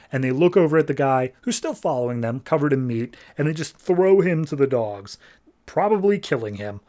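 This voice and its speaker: A male podcast host walks through a comic book issue in a casual, meandering recap, with plenty of fillers and restarts. His voice sits at an ordinary middle pitch for a man. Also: animated, moderate pace, dark tone. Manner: loose and rambling, many fillers; briefly shifts pitch for quoted characters.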